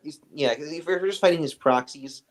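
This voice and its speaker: A man narrating as game master in a casual, halting way. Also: a little high.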